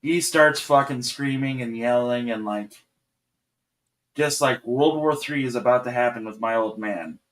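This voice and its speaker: A man in casual chat, telling a story in a wry, deadpan way. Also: mid-range voice, a little slow.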